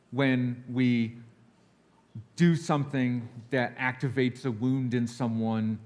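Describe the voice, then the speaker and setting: Nervous man giving a candid sermon. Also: medium pitch. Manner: candid, confessional, acts out quoted voices. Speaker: guest speaker. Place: church sanctuary.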